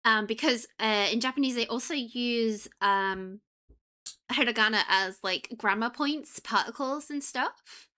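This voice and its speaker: Young woman, streamer, casual chat, bright voice, slightly high, rambling with lots of ums. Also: measured pace, clean tone. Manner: chatty, scattered, lots of ums and self-interruptions.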